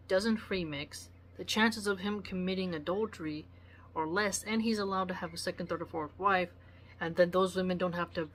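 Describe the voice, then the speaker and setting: A woman's voice: lowish voice, a bit bright. A woman giving blunt, preachy solo commentary, lecturing with acted asides. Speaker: vlogger.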